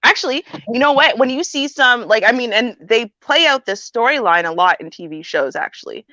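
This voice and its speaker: A woman hosting a casual livestream advice chat, animated and quick to laugh, pressing her co-hosts with questions. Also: on the high side, no room sound, dull audio. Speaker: host.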